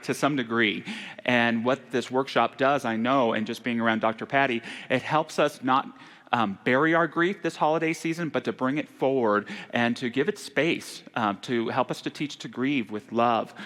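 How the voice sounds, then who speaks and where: A man delivering a Sunday sermon as minister, earnest and turning hushed on sorrowful passages. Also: mid-range voice. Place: church sanctuary. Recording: long hall reverb in a church.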